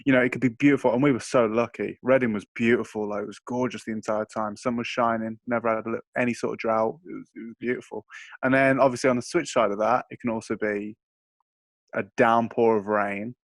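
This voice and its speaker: Young lad, dry close sound. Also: male voice, medium pitch, brisk, dry recording. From England (Solihull, near Birmingham). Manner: laddish, animated storytelling, swears freely. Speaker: podcast co-host. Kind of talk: casual chat.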